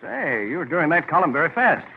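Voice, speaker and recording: A man playing a brisk, businesslike print-shop owner in a 1940s radio drama. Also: a little high, very animated. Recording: tinny lo-fi old radio broadcast with faint hiss.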